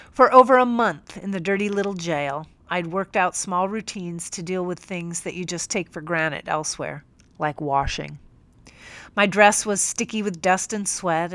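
A young woman narrating a first-person audiobook in a measured, firm, teacherly way. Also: lowish voice, fairly bright tone, no room sound. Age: young adult.

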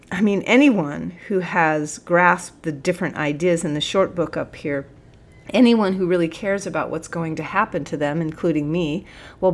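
A woman narrating a first-person story in a scripted reading. Her voice sits somewhat low for a woman, and her tone is earnest and reflective. She moves steadily through both the action and the quieter thoughtful passages.

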